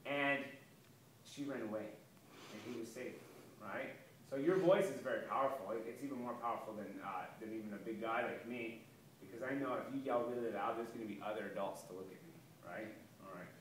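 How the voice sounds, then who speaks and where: A man teaching a young girl karate and self-defense, encouraging her with counts and quick praise. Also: mid-range voice, distant mic, a little hiss or hum. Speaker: karate instructor. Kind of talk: kids' self-defense lesson. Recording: echoey room, voice from off-mic.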